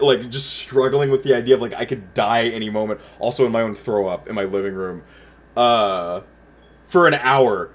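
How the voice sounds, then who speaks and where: A young man tells a long, rambling story on a livestream. He keeps stumbling into stuttered restarts and swears freely. He breaks off to answer his chat and talks at a middling pitch. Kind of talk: casual storytelling while chatting with viewers.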